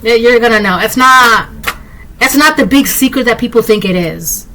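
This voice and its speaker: A woman's voice: on the high side, normal speed, sharp tone, slight background noise, rough recording. A woman giving a collective tarot reading, blunt and emphatic, repeating herself and talking straight to the viewer. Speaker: tarot reader.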